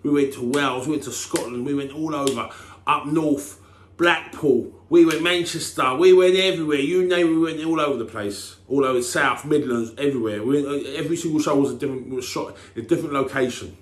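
Rambling, brash English man in an echoey room. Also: a little fast. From England. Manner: rambling, full of restarts and "you know what I mean", bursts into loud "Boom" shouts. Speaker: TV personality answering fan questions. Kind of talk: casual chat.

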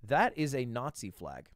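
A man streaming live who thinks out loud through guessing games, swears freely and bursts into loud excitement, recorded close on a desk microphone. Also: mid-range voice, unhurried, no echo. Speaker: streamer reacting to videos and playing guessing games.

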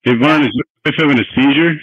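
A man's voice: a little high, fast, slightly rough, dry recording, highs cut off. A man in an online chat room who teases the others with crude jokes.

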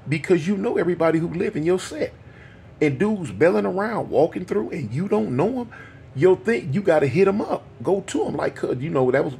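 A man's voice: mid-range voice, creaky, darkish tone, a little hiss or hum. A man, telling a street story in a rambling, conversational way full of asides. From Los Angeles. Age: 50s.

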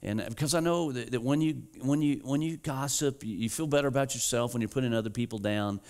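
Pastor preaching with urgent repetition. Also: male voice, darkish tone. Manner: urgent, rising to emphatic repetition; drops to slow, low, deliberate emphasis. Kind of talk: sermon.

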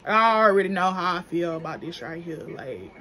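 A young adult woman, a beauty vlogger, reviews makeup in a casual vlog, speaking African American Vernacular English in a lowish, very animated voice at normal speed. She's chatty, slangy and profane, and laughs often. Crowd noise is audible in the background.

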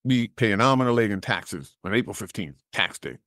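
A middle-aged man telling a personal story as an interview guest, animated and acting out the dialogue he recalls. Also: lowish voice, brisk, no echo, studio quality. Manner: animated storyteller who acts out quoted dialogue, laughs at his own jokes.

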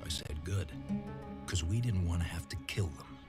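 A man's voice: sits low, moderate pace, loud music behind the voice, natural voice. A man voicing a grim male survivor leader, narrating a game cutscene in a terse, hard-edged way. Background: loud game score.

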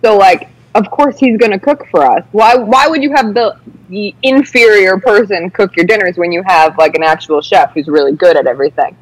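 A woman's voice: medium pitch, normal speed, no room sound, poor audio. A woman co-hosting a talk show, chatting in a self-mocking, chatty way. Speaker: co-host. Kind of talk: casual chat.

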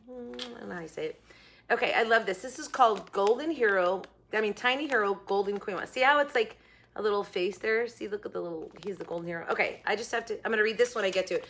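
A woman's voice: medium pitch, a bit bright, a little hiss or hum. A young woman chatting casually in her home kitchen as she reviews food, rambling with giggly asides. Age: young adult. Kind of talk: casual chat.

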